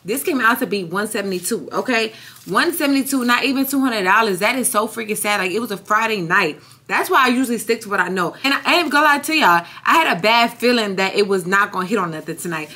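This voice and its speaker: A young woman vlogging casually to a phone camera in a room, chatty and animated, addressing viewers constantly with a hum from an air conditioner behind her. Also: medium pitch, quick pace. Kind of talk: casual vlog chat to camera.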